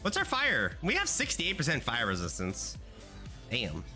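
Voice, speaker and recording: A man's voice: mid-range voice, wildly swooping pitch, a little slow, sharp tone, soft background music. A young man streaming a video game, chatting casually to his audience in playful, rambling rants with lots of swearing. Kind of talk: casual gaming livestream chat.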